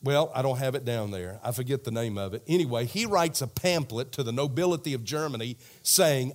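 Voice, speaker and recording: A man preaching a sermon as animated storytelling, talking directly to the crowd. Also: mid-range voice, a little fast, few pauses.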